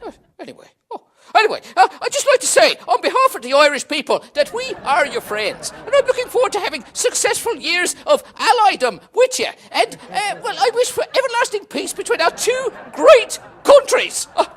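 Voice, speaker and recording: A playful, high-voiced woman in a comic sketch. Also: very animated, fairly quick, few pauses. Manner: playful, laughing.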